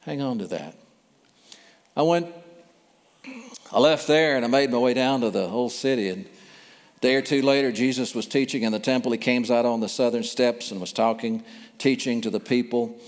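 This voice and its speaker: A man's voice: mid-range voice, normal speed, pauses often. A man preaching a sermon, telling the story vividly and repeating phrases for emphasis. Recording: long hall reverb.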